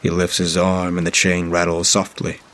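A man's voice: sits low, completely flat delivery, normal speed, a bit bright. A man narrating a first-person horror story with a dramatic delivery. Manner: dramatic, voices characters in dialogue.

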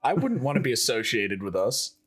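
A man's voice: mid-range voice, big pitch swings, a little fast, fairly bright tone, slightly rough. A man co-hosting a podcast in casual chat, chatty and joking, rambling through his points. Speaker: podcast co-host.

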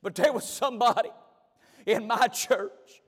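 Pastor, high-voiced, emphatic storyteller, long hall reverb. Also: male voice, a little slow, a bit bright. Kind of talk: sermon.

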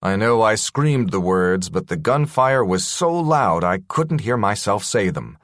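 A man's voice: fairly low pitch, lively intonation, measured pace, no echo, clean studio sound. A man narrating a science-fiction story in a dramatic, tense first-person reading.

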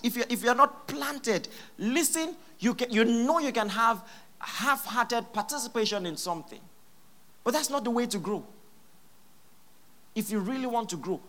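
A pastor preaching a sermon in church, emphatic and repeating key phrases, with sudden loud exclamations. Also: medium pitch.

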